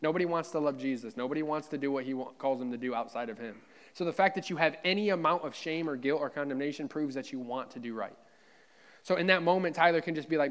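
This pastor's voice is a little high and fairly quick. He delivers a sermon in church with fervor and a conversational style, addressing the congregation directly and circling back over his points.

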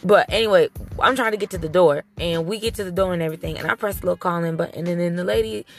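A young woman tells her viewers a story in a casual, emphatic way. Her voice sits a little low. Soft music plays faintly underneath. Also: fast, creaky. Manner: emphatic and animated, talks straight to the audience. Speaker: vlogger telling her labor story.

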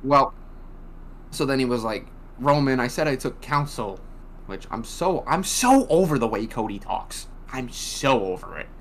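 A man's voice: medium pitch, lively intonation, measured pace, creaky. Brief: young male co-host, blunt and profane, rambling casual recap, faint background hum. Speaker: podcast co-host. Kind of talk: casual wrestling recap chat.

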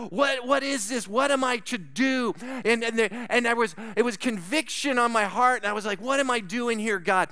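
A man preaching a sermon, telling a personal story with asides to the congregation and swinging from loud to hushed. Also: high-pitched, clear, resonant tone, no echo. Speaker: pastor.

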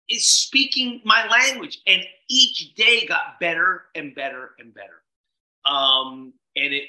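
Animated storytelling man, bright voice. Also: on the high side, roomy sound, poor audio. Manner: animated, swears casually, acts out quotes. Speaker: podcast guest.

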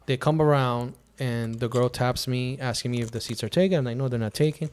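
A man in the middle of his range hosts a podcast, spinning a casual story about a night out. He acts out his own lines and other people's lines as he goes, with a lively, chatty delivery. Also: mid-range voice, a little fast, clean tone. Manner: animated, acts out quotes of himself and others. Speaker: podcast host.

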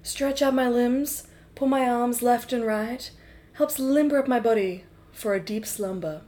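A woman voicing a wise male gibbon in improvised comedy, giving slow, soothing advice. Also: on the high side, mellow, lightly acted. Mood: calm. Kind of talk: improvised comedy role-play.

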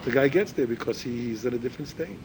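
Animated, lively-voiced man teaching religion. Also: fast, slight background noise, poor audio. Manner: animated, repeats words while searching for phrasing; acts out quoted speakers in a higher voice. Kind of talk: informal religious lecture.

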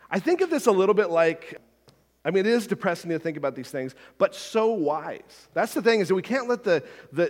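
Conversational pastor in a reverberant hall. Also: male voice, high voice. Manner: conversational, frequent "right?" asides and restarts. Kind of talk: sermon.

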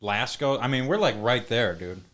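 A man's voice: mid-range voice, animated, moderate pace, a bit bright. A man co-hosting a podcast in casual chat, teasing with profane banter. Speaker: podcast co-host.

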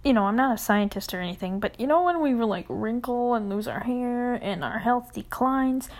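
A young woman with a fairly high voice tells a rambling casual story. She swears freely and fills every sentence with "like", and she keeps slipping into a hushed whisper. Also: expressive, moderate pace. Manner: rambling, profane, full of "like"; often drops to a whisper.

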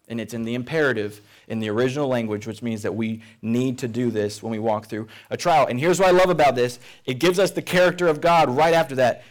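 A man preaching a sermon as pastor, earnest and emphatic, often dropping to a quiet, intense tone. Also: medium pitch, fast talker, few pauses. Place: church service room.

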